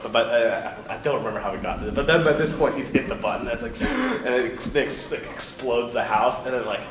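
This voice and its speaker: A man's voice: medium pitch, sing-song, fast. A man telling a long story as a panel guest at a convention, rambling with lots of fillers and restarts. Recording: echoey hall from far off, noisy.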